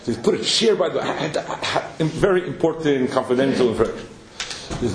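A man telling a story as a sermon, animated, with many Yiddish and Hebrew terms in his English. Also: medium pitch, fairly quick, echoey room, noisy background.

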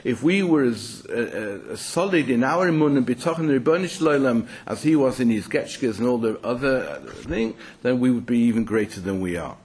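A man delivering an animated sermon, with a husky voice at a middle pitch. He stumbles and restarts as he tells his stories. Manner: animated storytelling, halting restarts. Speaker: rabbi teaching.

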